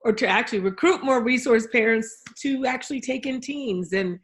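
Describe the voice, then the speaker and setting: Brief: woman guest, casual chat, somewhat high voice, animated and enthusiastic storyteller. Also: normal speed. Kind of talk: casual conversation.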